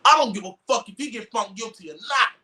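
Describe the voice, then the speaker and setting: A man giving a loud, profane, mocking rant of casual commentary on a trial, breaking into shouts. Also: extremely high pitch, lively intonation, fast, recorded from a distance. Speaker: commentary streamer.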